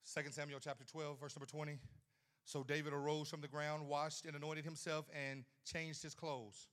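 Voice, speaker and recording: A man preaching a sermon at a men's conference, folksy and humorous, swinging from shouts to hushed asides. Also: fairly high pitch, level tone, moderate pace. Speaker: pastor.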